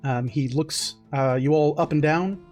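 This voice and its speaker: A man's voice: fairly high pitch, measured pace, a little mellow, faint music behind. A man narrating as game master of a tabletop game, loose and laughing, with many fillers.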